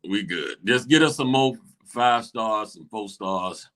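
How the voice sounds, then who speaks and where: A swaggering twelve-year-old with a rough, low voice and a Baltimore accent, as a man puts him on. He talks like a grown man, bright-edged and off the mic. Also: animated, a little slow. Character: gruff twelve-year-old boy acting tough. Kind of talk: comedy skit.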